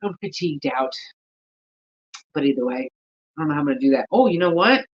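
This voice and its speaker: A woman's voice: sits low, animated, a little fast, muffled recording. A woman chatting casually in a gardening vlog, rambling and talking to herself, tired and yawning. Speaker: gardening vlogger.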